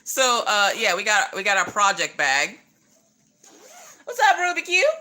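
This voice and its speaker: A woman's voice: mid-range voice, sing-song, measured pace, sharp tone. A woman hosting a casual craft livestream, playfully greeting chat viewers by name and joking with them as she unboxes.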